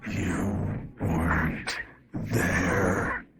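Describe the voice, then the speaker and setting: A man voicing a monstrous creature that mimics a dead father, speaking in a strangled, hoarse voice with slow, choked pleading. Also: low-pitched, steady tone, fairly bright tone, dry recording, soft background music, heavily acted. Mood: accusing.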